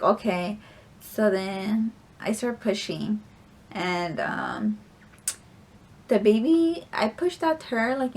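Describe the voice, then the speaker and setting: A woman's voice: medium pitch, slight background noise. A young woman vlogger telling a story in a casual, rambling way, full of filler words and casual swearing.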